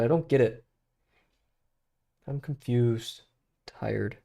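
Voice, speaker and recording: A young man with a mid-range voice streams his drawing practice, talking fairly quickly. He rambles in a relaxed way, chatting both to himself and to his chat, with plenty of fillers.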